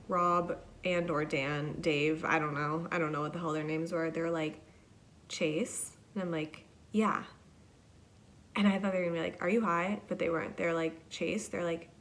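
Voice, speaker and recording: A woman's voice: on the low side, steady tone, normal speed, fairly bright tone. A young woman hosting a podcast, telling a rambling, profane, self-deprecating story in a casual monologue. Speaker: podcast host.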